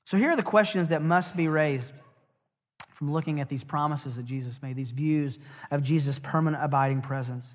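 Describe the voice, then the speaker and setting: A man's voice: fairly high pitch, normal speed. A middle-aged man preaching a sermon as a pastor. He asks the congregation direct questions and drops wry, joking asides. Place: church sanctuary. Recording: dull, long church reverb.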